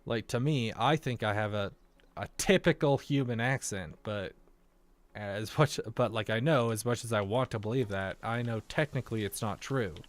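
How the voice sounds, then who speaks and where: A man's voice: mid-range voice, normal speed. An American man chatting casually through a let's-play, rambling from thought to thought and talking to the game's characters. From United States. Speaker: gaming video creator.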